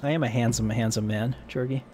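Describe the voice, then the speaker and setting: A man's voice: medium pitch, fairly even intonation, fairly quick, darkish tone, soft background music. A man live-streaming a strategy game, chatting casually, joking and laughing often as he thinks aloud.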